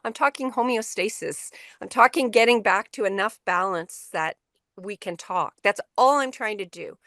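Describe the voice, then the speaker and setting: A woman's voice: mid-range voice, normal speed, bright, forceful tone, no echo, studio quality. A middle-aged woman presenting a workshop on a video call, telling a story to educators in a conversational way, with frequent restarts and fillers.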